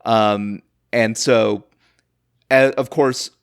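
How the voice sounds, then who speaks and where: A man's voice: lowish voice, steady tone, drawn-out words, clear, resonant tone. A man hosting a comedy history podcast, rambling through a made-up story with lots of fillers and chuckles. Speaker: podcast host.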